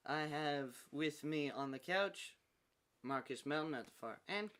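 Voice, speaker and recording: Playful podcast host, a man, bright and animated, laughs often. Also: a little high, unhurried, clean tone. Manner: laughs often, playful, steering the talk back to topic. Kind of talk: casual faith podcast chat.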